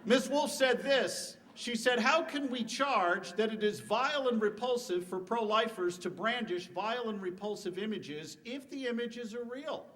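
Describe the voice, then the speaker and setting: A man's voice: very high-pitched, expressive, a little slow, few pauses, a bit bright, distant mic. A middle-aged man giving a formal debate speech in a university hall, emphatic, with rhetorical questions and joking asides. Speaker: debate speaker.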